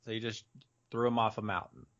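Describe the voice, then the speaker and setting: A man's voice: fairly low pitch, fairly even intonation, brisk, a bit bright. A man co-hosting a podcast, chatting casually with dry, teasing banter and casual swearing. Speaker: podcast co-host. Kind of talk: casual chat. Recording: dull lo-fi recording.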